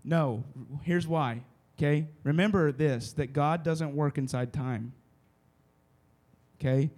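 Male preacher, slightly high voice, casual style, talks with his audience. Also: slow, darkish tone. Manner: conversational, keeps checking in with the listeners. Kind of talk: casual sermon to a youth group. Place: room with a live audience.

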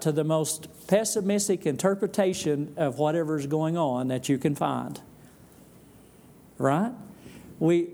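Slow, gravelly preacher. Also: male voice, a little high, dark tone. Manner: asks the congregation questions, dry asides. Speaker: pastor. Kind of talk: sermon.

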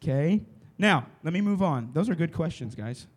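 Male preacher, slightly high voice, casual style, talks with his audience. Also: expressive, normal speed, slightly rough. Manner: conversational, keeps checking in with the listeners. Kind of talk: casual sermon to a youth group. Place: room with a live audience.

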